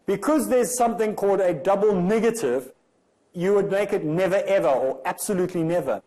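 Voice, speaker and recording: A man's voice: high-pitched, lively intonation, brisk, warm tone, low-quality recording. A man from Africa, giving an emphatic religious lecture full of rhetorical questions. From South Africa.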